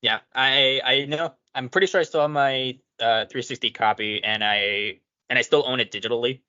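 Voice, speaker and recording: Man, podcast guest, mid pitch, bright voice, dull lo-fi sound. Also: fairly even intonation, moderate pace, clear, resonant tone. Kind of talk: casual chat. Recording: dull lo-fi audio.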